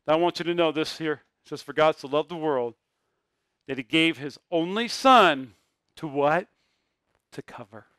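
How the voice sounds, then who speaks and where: A male pastor preaching with a high, smooth, resonant voice. He swings from loud, emphatic bursts down to soft, hushed phrases. The sound is close and dry, with no room around it. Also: moderate pace, pauses often, dry recording. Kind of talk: sermon.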